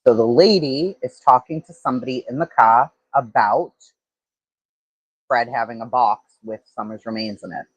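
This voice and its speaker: Husky-voiced man rambling on a livestream. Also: mid-range voice, no room sound, rough recording. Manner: rambling, thinks aloud, frequent fillers and restarts. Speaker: true-crime livestream host. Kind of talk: casual livestream commentary.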